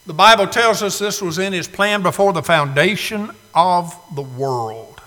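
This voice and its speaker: A man preaching a sermon, swinging from loud to hushed, with slow emphatic phrasing. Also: high voice. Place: church sanctuary. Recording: long hall reverb.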